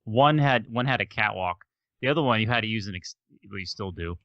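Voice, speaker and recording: A man with a low but bright, forceful voice tells stories on a podcast. His pitch swings widely, and he laughs often. The sound is dry and a little dull. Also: a little fast, dry recording. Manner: laughs often, animated storyteller. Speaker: podcast co-host. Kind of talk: casual storytelling chat.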